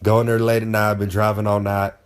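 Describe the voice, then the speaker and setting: A man's voice: lowish voice, monotone, fast, smooth. Man, boastful, folksy, rambling, third-person brag, comic monologue. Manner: brags and talks about himself in the third person. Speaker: wrestler giving comic advice.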